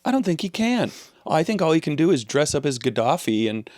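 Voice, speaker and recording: A man co-hosting a comedy podcast, riffing deadpan on made-up streaming shows. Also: a little high, moderate pace, no room sound, studio quality. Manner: deadpan, riffing on fake products. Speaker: podcast co-host. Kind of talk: improvised comedy banter.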